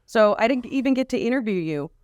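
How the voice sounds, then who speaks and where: Guest, female, slightly high smooth voice, dry close mic, calm and evasive. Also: quick pace, dry recording, dull audio. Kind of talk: casual comedic chat.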